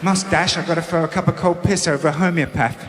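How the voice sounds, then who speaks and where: A man performs stand-up on a big theatre stage, blunt and sweary in his banter. His voice sits a little high and carries a long echo from the hall. Loud crowd noise sits under every line. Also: steady tone, fast talker. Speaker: stand-up comedian. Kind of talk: stand-up routine. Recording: echoey live hall, loud audience.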